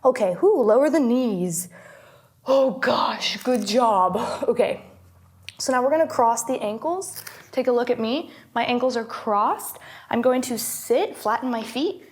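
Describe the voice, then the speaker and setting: A young woman, a health coach, guiding listeners through a calming movement exercise, encouraging, laughing often and exhaling between cues. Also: on the high side, a little slow. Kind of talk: guided movement instruction.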